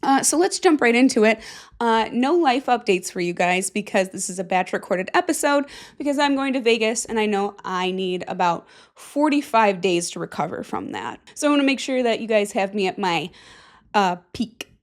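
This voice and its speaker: A woman's voice: medium pitch, expressive, moderate pace. A woman hosting a casual solo podcast, goofy and self-mocking, with plenty of swearing. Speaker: podcast host.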